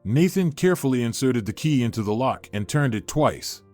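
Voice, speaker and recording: A man narrating a family story in a steady storytelling manner. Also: medium pitch, normal speed, faint music behind. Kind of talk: scripted narration.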